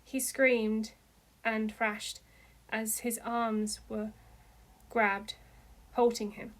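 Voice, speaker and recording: A woman's voice: on the high side, level tone, slow. A woman reading fan fiction aloud, narrating steadily and lifting her voice for the characters' cries. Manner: reads steadily, with voices rising into cries for dialogue. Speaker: fanfiction reader. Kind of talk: amateur read-aloud story narration.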